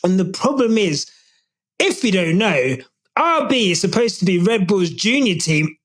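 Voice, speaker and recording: A man hosting a podcast, giving casual, animated opinion commentary with jokey asides. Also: sits high, unhurried. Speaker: podcast host.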